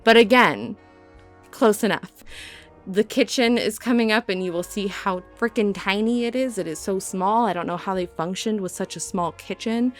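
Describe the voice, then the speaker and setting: A woman's voice: mid-range voice, moderate pace, faint music behind. A young woman from Southern California with a slight Minnesotan twang, chatting casually and rambling over her game build in a self-deprecating way.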